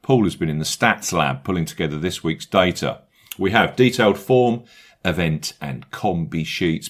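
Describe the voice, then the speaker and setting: A man hosting a golf betting podcast, who reads the promos briskly and upbeat and then loosens into laughing banter with his co-hosts. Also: sits low. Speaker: podcast host.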